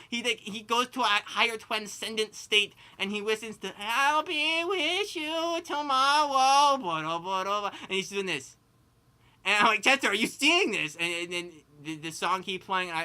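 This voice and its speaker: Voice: mid-range voice, sharp tone. A performer voicing a rambling cartoonish pig storyteller who lisps, turns r into w, laughs mid-sentence and keeps saying "like" and "you know" in improvised comedic storytelling. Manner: lisping, turns r into w.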